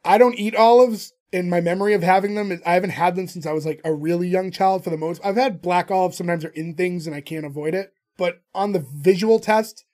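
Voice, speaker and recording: A man's voice: sits high, a little fast, few pauses. A man co-hosting a casual podcast, telling stories animatedly and recapping a TV episode. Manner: animated storyteller. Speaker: podcast co-host.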